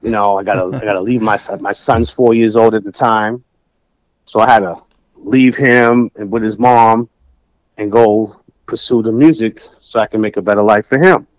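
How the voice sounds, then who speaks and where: A man's voice: on the low side, moderate pace, dry recording, low-quality recording. A middle-aged man from Massachusetts, a music producer telling stories in a casual interview. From New Bedford, Massachusetts. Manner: animated, acts out dialogue. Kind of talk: storytelling in casual conversation.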